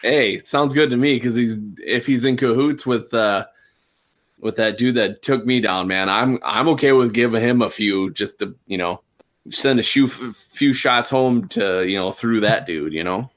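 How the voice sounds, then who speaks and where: A man's voice: medium pitch, measured pace. A man playing a tabletop game, laid-back and jokey. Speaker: player. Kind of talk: casual tabletop role-play chat.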